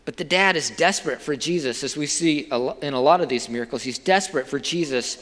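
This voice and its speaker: A man's voice: fairly high pitch, fast, fairly bright tone, long reverb tail. A male pastor preaching a sermon in a conversational way, asking his listeners rhetorical questions.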